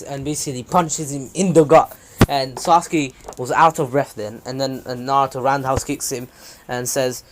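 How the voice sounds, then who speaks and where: A man's voice: medium pitch, normal speed. Casual rambling young-sounding male storyteller. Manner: loose and rambling, with many ums and restarts. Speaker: channel host. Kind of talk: casual retelling of a fan story.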